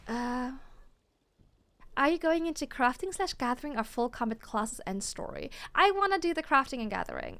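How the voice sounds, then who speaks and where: Chatty, gravelly woman streamer. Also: fairly high pitch. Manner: chatty, swears, laughs often. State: hiccups. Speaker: VTuber streamer. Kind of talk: casual chat while gaming and reading viewer chat.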